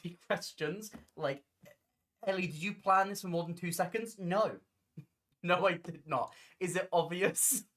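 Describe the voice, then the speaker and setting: A woman talks casually to her livestream audience from home late at night. She is loud and easily distracted, jumping between ideas with frequent giggles. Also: deep voice. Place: home, building on the floor.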